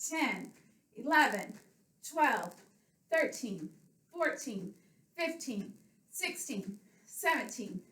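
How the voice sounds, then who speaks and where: Woman PE coach, high voice, slightly out of breath, counting reps for kids, echoey room, webcam across the room. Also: pushed and bright. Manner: counts reps aloud, explains simply to children. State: a little out of breath. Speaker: elementary school PE coach. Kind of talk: home workout lesson for kids. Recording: roomy webcam sound from a distance.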